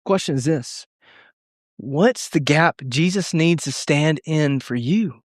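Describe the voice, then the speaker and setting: Young male youth pastor, earnest and emotional sermon, fairly high voice, dry sound. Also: takes it slowly, no echo. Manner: earnest, emotional storytelling with many restarts.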